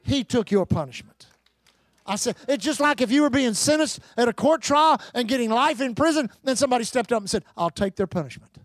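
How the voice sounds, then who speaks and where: A man's voice: extremely high pitch, animated, brisk, no room sound, studio quality. A middle-aged man, preaching a sermon with emphatic rises, repeated phrases and calls to the congregation. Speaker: pastor.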